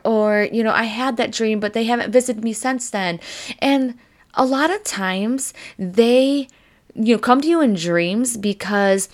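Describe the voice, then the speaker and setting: A woman hosting a psychic podcast, reading oracle cards in a loose, chatty way, full of "like" and "you know", and moved close to tears. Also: mid-range voice. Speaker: psychic medium podcast host. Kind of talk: casual oracle card reading.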